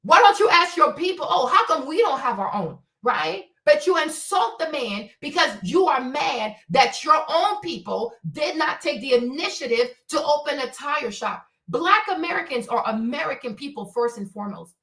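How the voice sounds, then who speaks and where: A woman from Africa delivers a fiery commentary rant, firing off one rhetorical question after another and swearing freely. Her voice sits high and sharp. She sounds a little distant from the mic, with a roomy echo around her. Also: expressive. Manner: emphatic, profane, rapid rhetorical questions. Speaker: streamer host. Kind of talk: ranting commentary stream.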